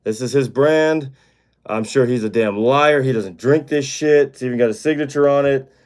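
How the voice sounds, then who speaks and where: A man in his thirties hosting a casual live-stream chat, talking bluntly with plenty of swearing and excitable outbursts. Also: medium pitch, normal speed. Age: 30s. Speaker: show host.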